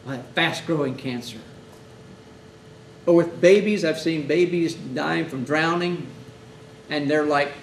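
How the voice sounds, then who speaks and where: Gravelly man teaching in an echoey room. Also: fairly high pitch, slow, long pauses. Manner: conversational, acts out family and chaplain exchanges. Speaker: chaplain instructor. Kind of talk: teaching lecture. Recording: echoey room, mic far off, faint hiss.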